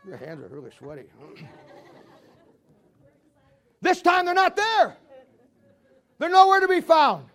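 A man preaching a lively, joking sermon in a very high voice. He tells stories in a folksy way, breaks into chuckles at his own jokes and acts out the voices of the people in them. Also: slow, long pauses. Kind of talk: humorous sermon.

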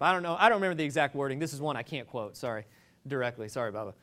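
Man, high voice, sermon, rambling, jokey, restarts. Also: racing, fairly bright tone. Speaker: preacher.

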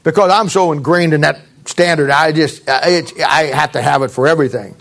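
Middle-aged male pastor with a high, lively voice, blunt folksy sermon delivery and sarcastic asides. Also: fairly quick, gravelly.

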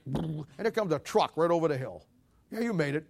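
A man preaching a folksy sermon, telling road-sign jokes and personal stories with animated swings between loud and hushed delivery. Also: sits high, brisk. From Missouri, USA. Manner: animated storytelling, swings from loud to quiet, laughs at own jokes. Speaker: pastor.

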